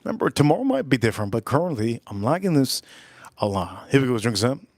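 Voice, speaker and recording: A fast-talking man, recorded without echo, runs a livestream reviewing whiskey. He reads out chat comments, tosses in crude jokes and rambling asides, and his animated voice jumps higher when he exclaims.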